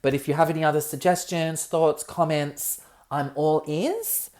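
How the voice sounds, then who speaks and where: A young Australian man hosting a solo comedic podcast, campy and expressive, ranting and swearing freely. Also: fairly high pitch, moderate pace. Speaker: podcast host.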